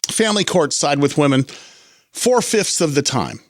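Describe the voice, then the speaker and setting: Gravelly male radio host, halting delivery. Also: fairly high pitch, animated, no room sound, studio quality. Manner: halting, frequent word repeats and restarts. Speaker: radio talk show host. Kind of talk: talk radio commentary. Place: radio studio. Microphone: studio microphone.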